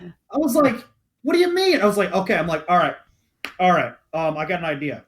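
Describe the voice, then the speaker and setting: Young man, high voice, profane storytelling, casual podcast chat. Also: fairly quick. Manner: animated, profane, acts out quoted voices. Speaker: podcast co-host.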